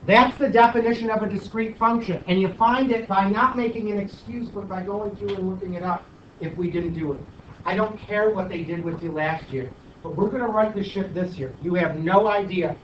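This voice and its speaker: A male math teacher giving his class an animated, teasing pep talk and review, recorded in a classroom. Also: high-pitched, distant mic, slight background noise. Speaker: high school math teacher. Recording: echoey dull classroom recording from afar.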